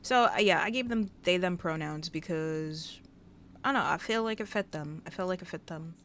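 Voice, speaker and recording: A woman giving casual, sassy Let's Play commentary, scolding the characters in her game out loud, recorded on a headset mic. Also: fairly low pitch, normal speed, slight background noise. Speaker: gaming YouTuber.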